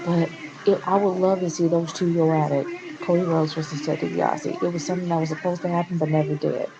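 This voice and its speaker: A woman vlogger rants to camera with passion and exasperation, rambling and restarting as she goes. Her voice sits on the low side and sounds dull and lo-fi. Steady background noise runs under the whole recording. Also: brisk. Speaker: wrestling vlogger. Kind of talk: casual opinion rant to camera.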